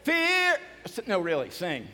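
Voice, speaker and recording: A male pastor preaching a sermon to a church, energetic, often shouting and singing along with the congregation. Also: sits high, moderate pace, in a large hall. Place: large church hall.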